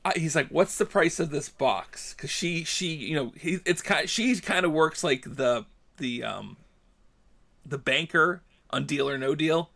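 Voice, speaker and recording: Male podcast host, storyteller, slightly higher voice, acts out the lines. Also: a little slow, gravelly. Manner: animated, acts out dialogue, gets heated. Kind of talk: casual storytelling chat.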